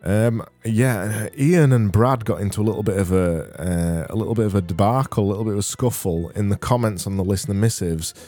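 A man's voice: lowish voice, brisk, hardly any pauses, dark tone, soft background music. A man hosting a comedy podcast, reading listener messages in a dry, rambling, self-mocking way. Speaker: podcast host.

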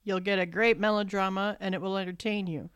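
Woman, casual movie chat, blunt dismissive manner, mid pitch, dry room. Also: steady tone, a little fast, fairly bright tone, clear, resonant tone, dry recording. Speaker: podcast co-host.

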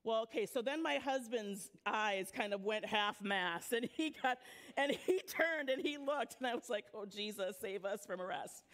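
In a church sanctuary, a woman youth pastor delivers a sermon at a moderate pace in a fairly high voice. She prays first, then tells stories in a relaxed, conversational manner, laughing often.

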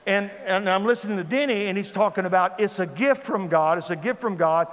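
Animated high-voiced man preaching in a hall. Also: fairly quick. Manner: animated, comic storytelling with acted quotes. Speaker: pastor. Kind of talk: storytelling sermon. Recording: reverberant hall with faint ambience.

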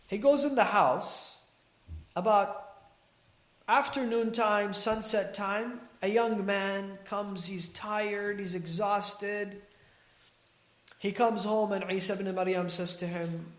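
A man, a religious scholar, telling a story on a podcast in an animated way and acting out the dialogue. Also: high voice, takes it slowly, reverberant.

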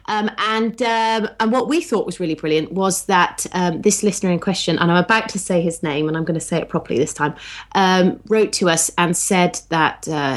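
A woman with an English accent co-hosting a podcast, chatting casually and teasing, with lots of fillers. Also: fairly low pitch. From England. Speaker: podcast co-host. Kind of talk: casual chat.

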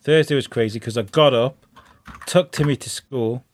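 A man hosting a podcast, telling rambling, sweary, animated stories. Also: medium pitch, moderate pace. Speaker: podcast host. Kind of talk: casual chat.

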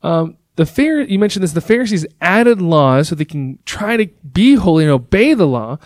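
Brief: male moderator, polite and measured, dry close sound. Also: high-pitched, big pitch swings, no echo. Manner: measured, polite, question-asking. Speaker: discussion moderator. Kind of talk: guided discussion questions.

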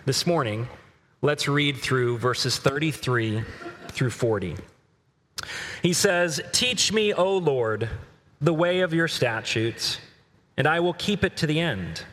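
A middle-aged male preacher giving a sermon, earnestly reading scripture aloud with slow emphasis. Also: a little high, a bit bright, long reverb tail.

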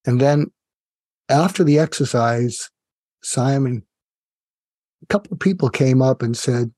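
A man, a psychiatrist guest, telling a story in a lively, engaging way and speaking directly to the host. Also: medium pitch, a little slow, no echo, clean studio sound. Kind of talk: conversational storytelling.

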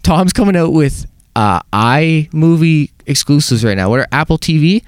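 A man's voice: a little high, animated, moderate pace, clear, resonant tone, no room sound. A young man co-hosting a podcast in casual, joking chat. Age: young adult. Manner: joking, does impressions. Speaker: podcast co-host.

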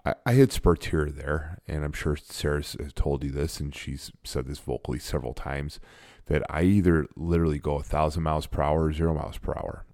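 A man's voice: very deep voice, steady tone, brisk, hardly any pauses, a little mellow, dry recording, clean studio sound. A man in his forties, a guest in a casual interview, talking in a blunt and emphatic way. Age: 40s. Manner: blunt and emphatic, self-described sarcastic.

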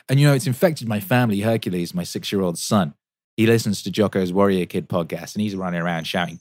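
A man's voice: on the low side, fast, no room sound, clean studio sound. A man in his thirties hosting a casual livestream Q&A, rambling and profane with many fillers and an enthusiastic tone. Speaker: musician and show host answering chat.

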